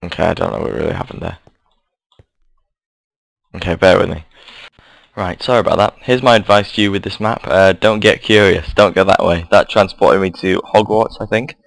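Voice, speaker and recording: Low-voiced lad gaming. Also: male voice, normal speed, vocal fry, pauses often, dry recording, poor audio. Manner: casual, rambling, apologetic. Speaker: gamer. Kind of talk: game commentary and storytelling.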